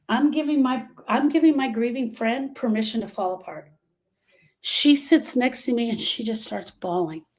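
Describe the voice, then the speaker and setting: Emphatic woman grief specialist, mellow voice. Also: on the high side. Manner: emphatic, repetitive, direct advice. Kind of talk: live talk to viewers.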